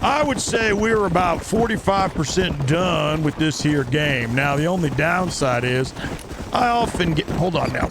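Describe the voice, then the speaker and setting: Gravelly-voiced jokey man streaming a game. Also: a little high, unhurried, hardly any pauses, heavy background noise. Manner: jokey, rambling, mock-cowboy drawl. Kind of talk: casual gameplay commentary. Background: game horse hoofbeats.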